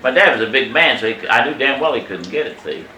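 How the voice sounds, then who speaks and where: A man in his eighties telling a family story from his childhood in a casual, animated way, emphatic and salty, chuckling as he goes. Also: medium pitch, fast, a little hiss or hum. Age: 80s. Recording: echoey room, mic at a distance.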